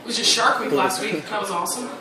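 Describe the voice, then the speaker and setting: A woman performing a stand-up comedy set on a club stage, animated and teasing. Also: mid-range voice, quick pace, a loud crowd. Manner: animated, teasing, playful put-on voices. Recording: roomy live club recording from a distance, loud noise.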